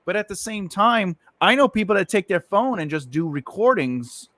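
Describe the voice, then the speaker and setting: A man's voice: high voice, moderate pace, no echo. A man hosting a podcast, chatting casually and cracking jokes. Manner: joking, playful, animated. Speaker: podcast host. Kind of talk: casual comedic chat.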